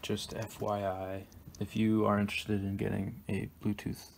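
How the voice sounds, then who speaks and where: A man hosting a casual do-it-yourself tutorial, explaining things in a halting way with lots of ums and restarts. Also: fairly low pitch, monotone, vocal fry, noisy background. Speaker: DIY car audio tutorial host. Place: garage workshop.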